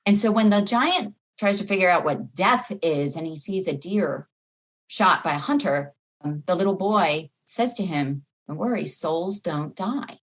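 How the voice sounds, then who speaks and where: Low-voiced woman sharing a grief story. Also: animated, moderate pace. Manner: emotional, reflective storytelling. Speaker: guest. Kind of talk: personal testimony in a podcast interview.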